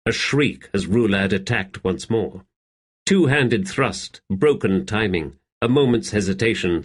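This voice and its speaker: A man narrating a fantasy audiobook in a steady, measured reading. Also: fairly low pitch, slightly rough. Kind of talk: scripted narration.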